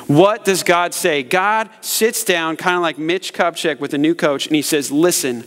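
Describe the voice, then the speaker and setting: A man in his thirties preaching a lively sermon as pastor, acting out quotes and jokes. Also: on the high side, normal speed, few pauses. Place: church sanctuary. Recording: live sermon in a large reverberant hall.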